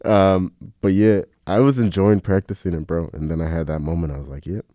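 A man's voice: low-pitched, fairly even intonation, fairly quick, no room sound, dull audio. A young man co-hosting a podcast in casual chat, laughing often and calling his friend bro. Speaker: podcast co-host.

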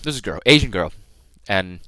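A young man tells a story alone into a close mic for his podcast. His talk is loose and slangy, full of restarts, and his pitch swoops up and down a lot. The sound is dry, with no room around it. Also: animated, a little slow, sharp tone, no echo. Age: young adult. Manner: rambling, slangy, with frequent restarts and laughs. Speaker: podcast host. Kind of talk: casual solo storytelling.

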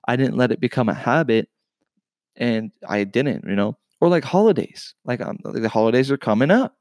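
A man's voice: mid-range voice, darkish tone, dry recording. A man giving an earnest, encouraging talk about losing weight, speaking straight to his viewers and repeating his points. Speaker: weight loss vlogger. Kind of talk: motivational talk to camera.

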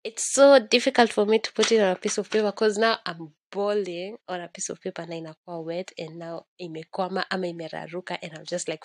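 A woman's voice: on the low side, fairly quick, breathy edge. A woman with a Kenyan accent, hosting a candid solo podcast, rambling emotionally and mixing Swahili slang into English. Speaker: podcast host.

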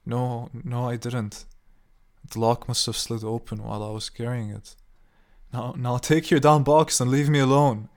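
A man with a gravelly voice voicing a frightened, defensive homeowner. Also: mid-range voice, flat delivery, normal speed, natural voice. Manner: nervous and pleading.

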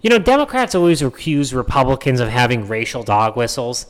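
A man with a medium-pitched voice talks fairly quickly as he delivers an opinion monologue on politics. Sarcastic and emphatic, he imitates people mockingly when quoting them and keeps repeating his points.

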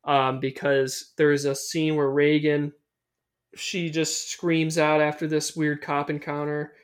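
A man's voice: fairly high pitch, completely flat delivery, measured pace. Rambling, swearing young man recapping a film. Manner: loose and rambling, swears a lot, many fillers. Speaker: podcast host. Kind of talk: casual movie recap chat.

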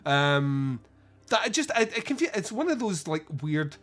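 A man's voice: on the high side, sing-song, moderate pace, fairly bright tone. Rambling, sweary man. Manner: rambling, sweary, lots of restarts and fillers. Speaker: podcast co-host. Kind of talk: casual film review chat.

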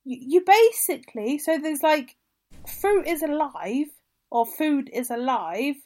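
A woman co-hosting a gaming podcast, chatting casually and telling stories with animated enthusiasm. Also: sits high, a little slow. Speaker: podcast co-host. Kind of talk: casual chat.

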